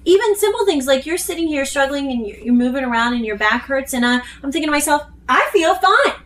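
A woman leading a casual group Bible study, talking earnestly and quoting scripture with animated emphasis. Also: high voice, quick pace. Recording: distant mic with faint room noise.

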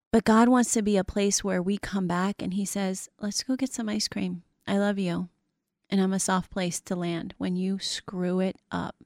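A woman's voice: mid-range voice, no echo. Woman, middle-aged, faith talk host, encouraging, scripture quoting, dry sound. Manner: warm encouraging, quotes scripture.

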